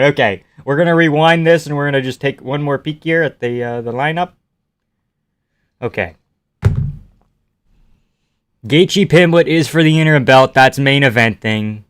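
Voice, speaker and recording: A man's voice: medium pitch, moderate pace, a bit bright, clear, resonant tone, dry recording. A man from Canada streaming live, reading out viewer comments and answering them offhandedly with casual swearing.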